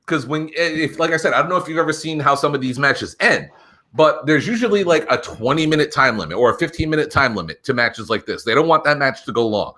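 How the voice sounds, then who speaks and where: A man co-hosting a wrestling podcast, talking in an excited, profane, casual way. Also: on the high side, fast talker. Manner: animated, profane, builds excitement. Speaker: podcast co-host. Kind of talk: casual chat.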